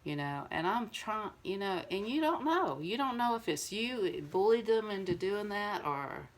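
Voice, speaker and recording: A woman's voice: medium pitch, big pitch swings, moderate pace. An older woman, talking to her viewers in a casual, heartfelt monologue. She rambles earnestly and fills her speech with "you know.". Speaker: vlogger.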